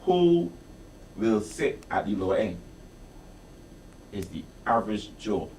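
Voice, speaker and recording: A man's voice: lowish voice, sing-song, takes it slowly, darkish tone, a little hiss or hum. A Barbadian man on a political panel, speaking emphatically and repeating points for effect. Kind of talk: political commentary. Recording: roomy sound, mic at a distance.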